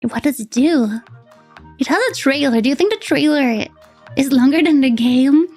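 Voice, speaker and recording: French-accented woman streaming, high and giggly, chatting away with chat. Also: expressive, normal speed, darkish tone. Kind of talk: casual live-stream chat. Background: faint background music.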